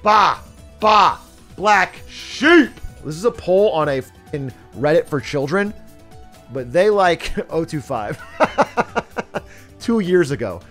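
Male game streamer, high animated voice, swears a lot, laughs often, faint music underneath. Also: slow pace. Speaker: livestreamer. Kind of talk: live gaming commentary.

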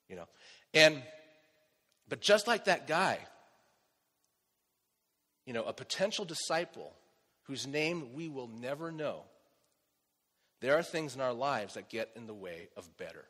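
A man's voice: medium pitch, sing-song, measured pace, long pauses, bright, forceful tone, long reverb tail. A man preaching a sermon as pastor, in a conversational way, often asking rhetorical questions and checking in with "okay?" and "right?". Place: church.

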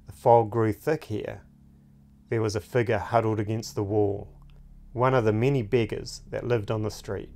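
A man narrating his own fantasy book in a measured, unhurried reading. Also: on the low side, steady tone, darkish tone. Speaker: narrator and author.

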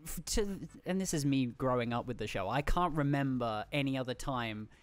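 A man hosting a livestream, chatting casually and rambling excitedly with lots of restarts over a video call. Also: mid-range voice, normal speed, clear, resonant tone. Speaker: livestream host. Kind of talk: casual chat.

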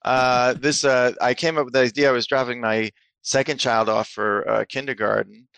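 Gravelly-voiced man telling stories. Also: medium pitch, moderate pace, no echo. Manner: animated storyteller, acts out quoted people. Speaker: psychotherapist and author, guest. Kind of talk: casual interview talk, storytelling.

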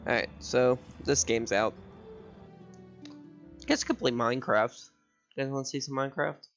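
A man's voice: medium pitch, moderate pace, a bit bright, dull audio. A man streaming games at home, rambling and repeating words as he thinks aloud over faint music. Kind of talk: casual gameplay commentary.

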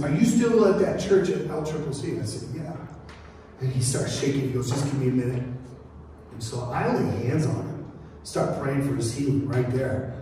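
A man preaching a sermon as pastor, telling stories in a lively, joking way. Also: mid-range voice, slight background noise. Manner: storytelling, animated and joking. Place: church sanctuary. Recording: echoey church hall from far off.

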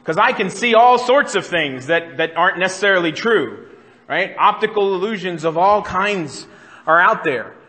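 A man's voice: high voice, expressive, moderate pace, bright, forceful tone. A man pastor preaching a sermon in a church, conversational and often putting questions to the congregation. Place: church sanctuary. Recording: church hall reverb.

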